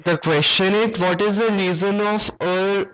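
A woman's voice: medium pitch, fairly even intonation, unhurried, crowd noise. Woman teacher quizzing pupils, lo-fi. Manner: asks pupils frequent quiz questions. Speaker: religious teacher. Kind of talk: online class for children.

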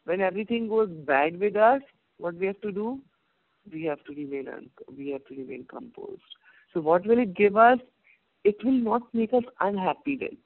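A man tells a moral story in a motivational talk, repeating himself and checking in with "okay?". His voice is high and close, with no room around it. It comes through a narrow, tinny phone-like line. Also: animated, moderate pace, dry recording.

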